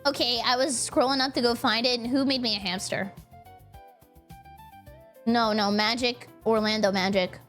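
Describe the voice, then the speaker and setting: A young woman streamer in casual, rambling chat with her viewers, giggly and excitable. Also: a little high, moderate pace, long pauses, faint music behind. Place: home streaming setup.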